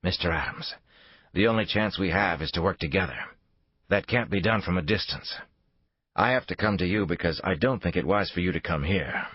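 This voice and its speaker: A calm, persuasive lobbyist, voiced by a male narrator. He talks in a measured, deliberate way, with a deep, husky tone. The recording is dry and a little dull. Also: no room sound.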